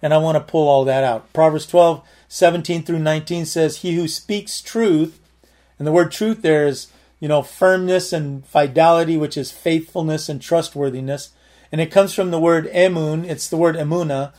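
A man's voice: a little high, steady tone, moderate pace, darkish tone. A man preaching a sermon, teaching verse by verse and explaining word meanings in an earnest, repetitive way.

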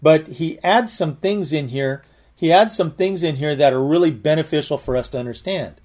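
A man's voice: a little high, moderate pace, a little mellow. A man giving conversational Bible teaching, earnest, often repeating and restarting his words.

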